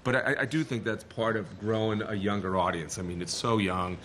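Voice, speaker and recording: A man from Boston with a Boston accent, a board member speaking in a meeting, animated and full of restarts. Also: on the low side, fairly quick, a little hiss or hum. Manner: animated, rambling, frequent restarts.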